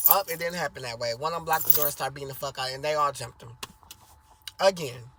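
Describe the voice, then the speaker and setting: A man's voice: lively intonation, fairly quick, slight background noise, rough recording. A man telling a family story in a rambling, casual way, full of fillers and restarts, with crude language. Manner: acts out quoted voices louder and higher.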